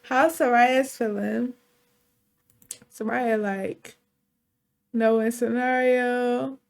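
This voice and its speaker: A woman's voice: a little high, fairly even intonation, extremely slow, creaky. A woman giving casual, chatty let's play commentary on a life-simulation game, slangy and a bit profane. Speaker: gaming channel host.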